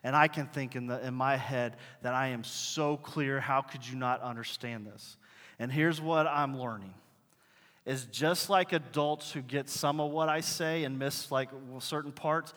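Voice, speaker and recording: A man's voice: medium pitch, unhurried. A man preaching a conversational sermon, telling stories and acting out the dialogue in them. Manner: animated storytelling, acting out dialogue. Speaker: pastor. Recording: long reverb in a large hall.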